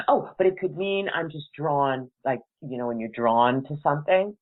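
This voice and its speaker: A middle-aged woman hosting a radio talk show, chatting and telling stories in a rambling way and laughing often. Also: sits low. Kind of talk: casual chat and storytelling. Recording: tinny phone-like line.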